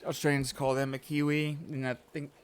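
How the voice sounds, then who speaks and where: A man's voice: on the high side, flat delivery, a little fast, clean tone. A man co-hosting a podcast in casual chat, rambling and trailing off mid-thought. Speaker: podcast co-host.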